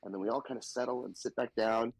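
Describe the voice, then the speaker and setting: A man from the Southern United States, a stand-up comedian telling stories in a casual podcast chat, animated and profane, slipping into quoted voices. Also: medium pitch, quick pace, no echo, poor audio.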